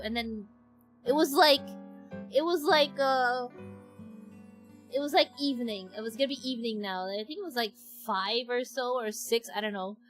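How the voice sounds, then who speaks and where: High-voiced Filipino woman telling a story. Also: fairly bright tone. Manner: laughs a lot, mixes English with Filipino, acts out quotes. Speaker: streamer and medical resident. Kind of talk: casual storytelling stream.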